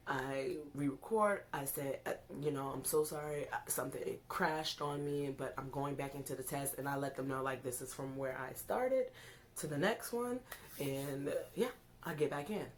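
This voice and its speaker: A woman's voice: deep voice, slight background noise. A young woman casually telling a story on her vlog, acting out her own panicked words as she goes.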